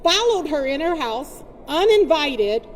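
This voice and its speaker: A woman speaking at a press conference as a community advocate, giving a forceful and indignant public speech that drives her points home by repeating them. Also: sits high, sing-song, unhurried. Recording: long reverb, faint background noise.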